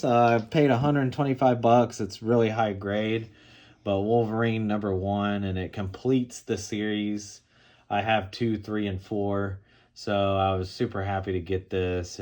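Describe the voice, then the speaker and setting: A man casually showing off and talking through comic books he bought, in a relaxed, rambling way with frequent fillers. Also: on the low side. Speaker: comic book collector showing his haul. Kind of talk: casual show-and-tell vlog.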